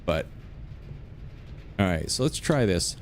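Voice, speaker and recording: Slow and sing-song, an American man's low voice drifts through casual chatter as he plays a video game, rambling through stories and restarting sentences. A little hiss or hum sits in the recording.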